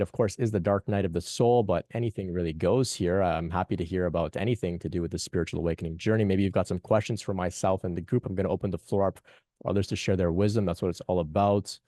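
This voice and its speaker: A man hosting a spiritual group call, talking reflectively and haltingly, often asking "right?" and repeating phrases. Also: sits low, dark tone, dry recording, clean studio sound.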